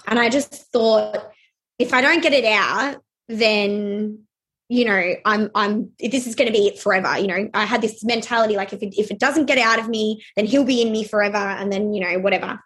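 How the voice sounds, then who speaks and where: A young adult woman telling a personal story in a halting way, with many fillers and restarts. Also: medium pitch, a bit bright.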